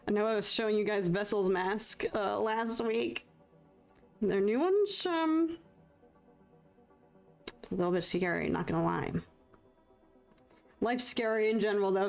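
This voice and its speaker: A woman's voice: mid-range voice, darkish tone. A woman chatting casually to her viewers while painting on a live stream, rambling and self-conscious, with lots of fillers.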